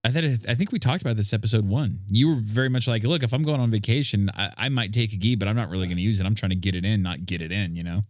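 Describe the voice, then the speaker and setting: Dry, low-voiced man rambling casually. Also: fast talker, few pauses, no echo. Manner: rambling, profane storytelling with fillers. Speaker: podcast co-host. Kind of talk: casual podcast chat.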